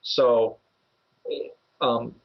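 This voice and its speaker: A man of ordinary pitch who rambles through market talk on a podcast. He pads his points with fillers and chuckles. The audio is a little dull and muffled. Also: little pitch movement, extremely slow, gravelly. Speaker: options trader and regular co-host.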